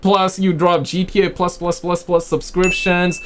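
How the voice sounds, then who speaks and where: A man's voice: sits high, measured pace, slight background noise. Slangy, fired-up man ranting. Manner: animated, slangy, says "bro" constantly; mocking, exasperated rants. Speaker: gaming commentator. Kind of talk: reaction commentary.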